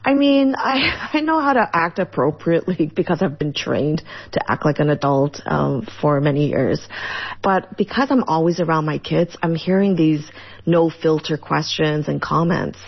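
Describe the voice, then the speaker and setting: Woman comedian, low husky voice with fry, animated, laughs a lot, muffled. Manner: animated, laughs often, quick. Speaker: comedian and content creator. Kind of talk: casual interview answers.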